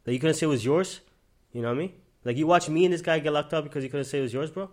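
Man, young adult, from Miami, podcast host, quick-talking, profane storyteller. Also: fairly high pitch. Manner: profane street storytelling, acts out quotes. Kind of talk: casual podcast chat.

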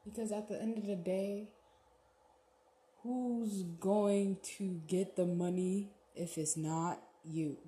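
Slow-talking blunt woman ranting. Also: medium pitch, fairly even intonation, dark tone, roomy sound. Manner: blunt, profane, laughing, slangy. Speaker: podcast host. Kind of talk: casual motivational rant.

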